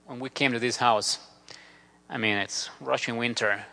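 A man's voice: medium pitch, fairly even intonation, normal speed, vocal fry, pushed and bright. A man giving an earnest, grateful mission talk with slides in a church. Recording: long reverb of a large hall.

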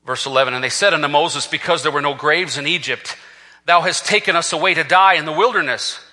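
A man preaching a sermon, reading scripture and swinging between fervent shouts and hushed, quiet passages. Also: a little high, fairly quick, big-room sound. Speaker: pastor.

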